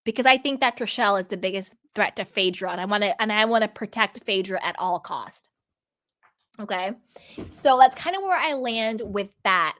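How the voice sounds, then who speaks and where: A woman's voice: mid-range voice, moderate pace. A woman host giving sassy, casual commentary on a reality show, often acting out what people say. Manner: sassy, animated, mimics people in quotes.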